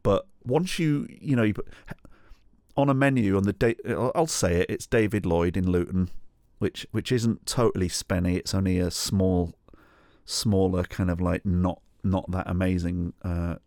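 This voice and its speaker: A man's voice: low-pitched, fairly even intonation, moderate pace, vocal fry, a little mellow, dry recording, clean studio sound. A middle-aged man hosting a solo podcast, telling a rambling, sweary, self-mocking story. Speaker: podcast host.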